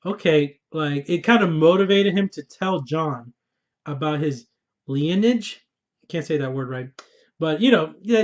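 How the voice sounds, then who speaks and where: A young man with a high voice talks through a TV episode, hyped and slangy, swearing freely as he reacts. The recording is dull and lo-fi. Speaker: TV episode reviewer. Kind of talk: casual excited review.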